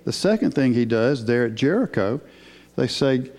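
A man's voice: medium pitch, lively intonation, darkish tone. Man preaching in a reverberant hall. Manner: unhurried, emphatic preaching with rhetorical questions. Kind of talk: sermon.

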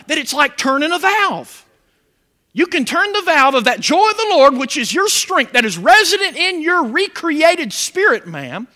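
High, bright-voiced preaching man. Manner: animated call-and-response preaching. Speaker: pastor. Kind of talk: sermon.

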